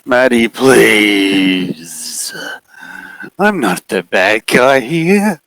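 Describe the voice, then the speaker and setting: A man voicing a clingy, menacing unseen male creature with a booming voice in a tabletop game, pleading and possessive in slow, drawn-out lines. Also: big pitch swings, fairly bright tone, no room sound, full character voice, low-quality recording.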